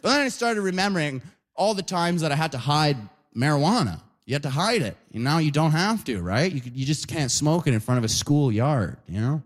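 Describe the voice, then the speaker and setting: A man performing stand-up comedy in an animated storytelling manner. He tags nearly every line with "right?" or "you know?" as he talks to the crowd. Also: on the high side, a little fast.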